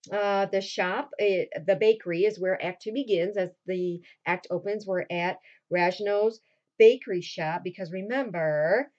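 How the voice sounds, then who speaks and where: A woman teacher talks her students through a recap in an easy, informal voice, popping into short acted quotes as she goes. Her pitch sits in the middle range. The recording is a bit dull and lo-fi. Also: a little mellow. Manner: casual retelling with quick acted quotes.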